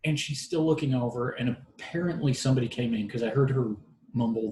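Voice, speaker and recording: A man tells a personal story in a relaxed, casual way. His humor is dry and deadpan, and his voice sits at an ordinary middle pitch. The room adds a noticeable echo. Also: brisk, slight background noise. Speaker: podcast storyteller. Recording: roomy echo.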